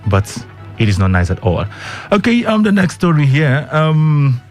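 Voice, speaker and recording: A radio host with a slightly high, sing-song voice and a darkish tone speaks at normal speed while faint music plays behind him. In the studio he chats casually, gives a news rundown, and peppers listeners with rhetorical questions and ums.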